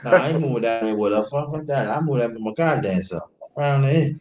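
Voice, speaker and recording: A man's voice: mid-range voice, expressive, quick pace, a little mellow. A man from New York telling a loose, profane story in casual chat and slipping into quoted voices. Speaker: host. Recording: roomy echo.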